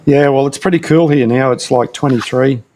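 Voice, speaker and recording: A man hosting a live stream, chatting casually and relaxed, fiddling with his phone setup. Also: medium pitch, normal speed. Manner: relaxed, short agreeing replies.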